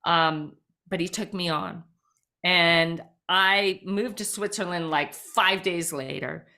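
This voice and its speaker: A woman guest on a podcast, telling a personal story with lively energy and lots of "like" fillers. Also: fairly low pitch, takes it slowly. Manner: frequent "like" fillers, lively retelling.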